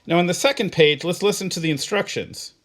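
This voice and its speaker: A man's voice: high-pitched, fairly quick, slight background noise. A male teacher giving an online class, patiently asking students simple questions and reading short poems aloud. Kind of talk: recorded online class instruction.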